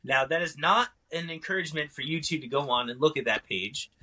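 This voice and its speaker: A young man hosts a loose podcast chat in a bright, forceful voice, pitched a bit high for a man. He jokes around, teases his guests and swears offhand. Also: fairly quick, rough recording. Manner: joking, teasing, swears casually. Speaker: podcast host. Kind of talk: casual chat.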